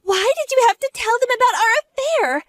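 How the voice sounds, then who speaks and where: A woman's voice: very high voice, expressive, a little fast, dry recording. A woman voicing a jealous mistress in an audio drama, shrieking accusations and close to tears. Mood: furious. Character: shrill jealous mistress, young adult woman, furious.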